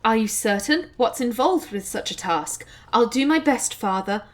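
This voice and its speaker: A woman's voice: fairly high pitch, lively intonation, normal speed, natural voice. A woman voicing a proper, haughty young noblewoman in a video game, speaking in a very proper, clipped way. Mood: dutiful. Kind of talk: voiced game role-play.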